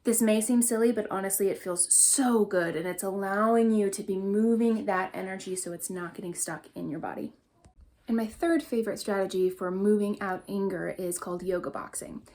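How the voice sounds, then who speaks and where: A young adult woman leads a mindful parenting workshop in an earnest, encouraging voice of middle pitch. She explains calming exercises step by step and shows them as she goes. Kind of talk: instructional workshop talk.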